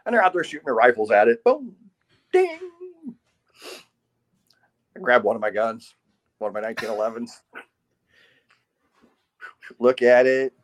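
A man speaking as a podcast guest, with an ordinary mid-range voice. He tells his stories in an animated, casual way, full of sound effects and little laughs. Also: medium pitch, a little fast, long pauses. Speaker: podcast guest, pistol marksmanship instructor. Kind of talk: casual interview storytelling.

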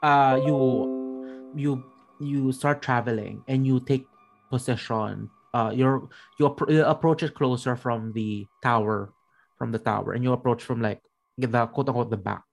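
Halting, gravelly man running a game. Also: mid-range voice, fairly even intonation, faint music behind. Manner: halting, many restarts and fillers while describing scenes. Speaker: game master. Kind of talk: narrating a tabletop game.

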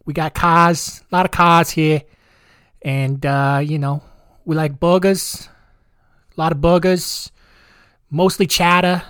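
A man's voice: on the high side, steady tone, takes it slowly, pauses often, a bit bright, smooth, dry recording, studio quality. A man putting on a dim, rambling Boston local with a thick Boston accent, mumbling and repeating himself. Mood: rambling boast. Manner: rambling, repetitive, boastful.

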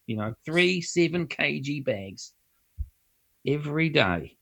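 A man's voice: fairly high pitch, lively intonation, slow pace, vocal fry, long pauses, fairly bright tone. A man with a New Zealand accent telling funny anecdotes in casual chat, laughing often and acting out other people's lines. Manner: laughs often while telling anecdotes, acts out voices in quotes.

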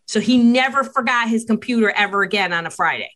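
A middle-aged woman talks as a podcast guest with an expert's assurance. She tells stories briskly, acting out the dialogue with swings up and down in pitch. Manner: animated storytelling, acting out dialogue. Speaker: guest, child mental health expert. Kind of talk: podcast interview.

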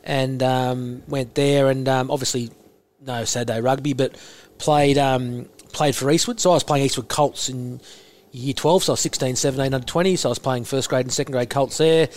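An Australian man in his forties, a former rugby prop, telling stories in a casual podcast chat. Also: moderate pace. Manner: animated anecdote-telling, gets louder and higher imitating others.

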